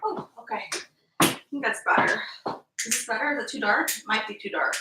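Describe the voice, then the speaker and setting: A woman's voice: a little high, fairly quick, roomy sound, very noisy. A woman hosting a casual live stream from an upstairs room at home, chatty and apologetic, often calling her viewers "guys".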